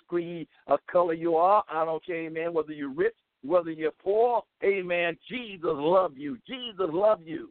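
On the high side, a man's voice delivers an impassioned radio sermon, calling listeners to prayer amid frequent "amen" and "praise the Lord." It sounds tinny, like a phone or radio, with no room sound.

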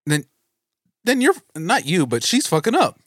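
A man's voice: a little high, wildly swooping pitch, unhurried, no room sound, studio quality. A man chatting casually on a podcast, explaining things in a laid-back way. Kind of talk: casual chat.

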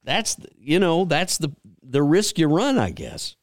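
A man's voice: a little high, sing-song, measured pace, no echo, clean studio sound. Folksy man hosting a talk show. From Georgia, US. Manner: folksy, rambling, storytelling with many restarts. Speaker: radio show host. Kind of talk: casual chat.

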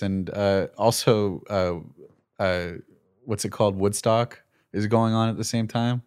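A young man co-hosting a casual movie review chat, animated and sarcastic, often laughing. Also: lowish voice, slow, clean tone. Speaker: podcast co-host.

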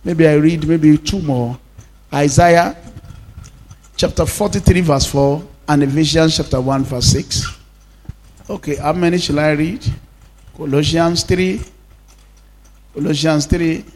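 A pastor preaches in a high, light voice, calling out to the congregation for responses and repeating key lines for emphasis. He talks in a way that moves between quick bursts and slow, drawn-out phrases. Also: darkish tone. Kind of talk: sermon.

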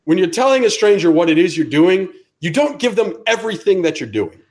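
Man, podcast co-host, casual chat, dry teasing, fairly high voice, lively pitch. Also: a little fast.

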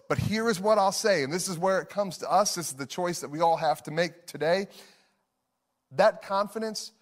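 A man in his thirties preaching a sermon as pastor, earnest, repeating phrases for emphasis and chuckling between lines. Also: on the high side.

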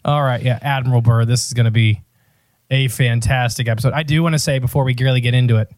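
A man's voice: mid-range voice, steady tone, quick pace, a little mellow, no echo, studio quality. Joking podcast co-host man. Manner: joking, rambling. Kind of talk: casual podcast banter.

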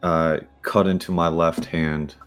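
A man playing in a tabletop game, describing his character's actions in a plain, measured way. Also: extremely low pitch, level tone, smooth. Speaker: player.

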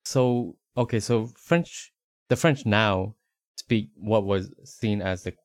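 A man co-hosting a podcast in casual chat, curious and eager with his questions, quick to react with surprise. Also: fairly low pitch, no echo, clean studio sound. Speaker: podcast co-host.

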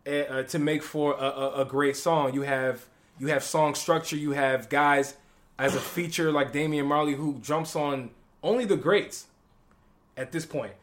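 Podcast co-host, male, slightly high voice, loose and jokey, talks in fillers and restarts. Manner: animated, joking, lots of fillers. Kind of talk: casual music review chat.

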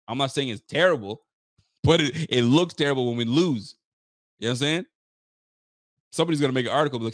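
A man's voice: medium pitch, fast talker, pauses often, no echo, clean studio sound. Blunt, frustrated man ranting on a podcast. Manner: frustrated, blunt, swears freely, reads viewer comments. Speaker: podcast host. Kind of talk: live fan podcast rant.

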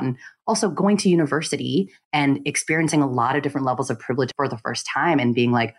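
A woman with a strikingly low-pitched voice talks through her story in a relaxed interview. She tells it with animated energy and slips into quoted voices along the way. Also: fast, hardly any pauses. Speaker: podcast guest. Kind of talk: casual interview talk.

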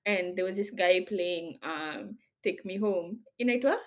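A woman's voice: fairly low pitch, unhurried. A woman co-hosting a podcast, from Kenya, talking in a playful, chatty way and laughing often. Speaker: podcast co-host. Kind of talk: casual chat among friends.

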